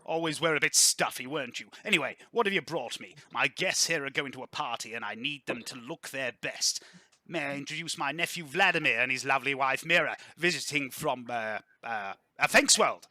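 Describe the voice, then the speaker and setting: A man voicing a blustery, jovial retired admiral lord with a booming, pompous manner. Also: fairly quick, bright, forceful tone, dry recording. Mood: bluff jovial.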